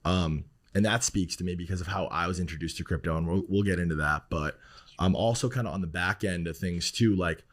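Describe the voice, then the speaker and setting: Low-voiced earnest male podcast host. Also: a little fast. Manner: soothing, earnest. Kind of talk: podcast talk.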